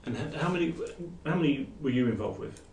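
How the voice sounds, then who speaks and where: A man hosting an interview podcast, chatty and brisk, with lots of short acknowledgements. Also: mid-range voice, animated, vocal fry, a little mellow, recorded from a distance. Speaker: podcast host. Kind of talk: casual interview. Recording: echoey room with crowd noise.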